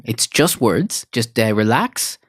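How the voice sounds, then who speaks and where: A man's voice: mid-range voice, very animated, slow pace, dry recording, clean studio sound. A man co-hosting a podcast, chatting casually and acting out movie lines in a raised voice. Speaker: podcast co-host. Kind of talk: casual chat.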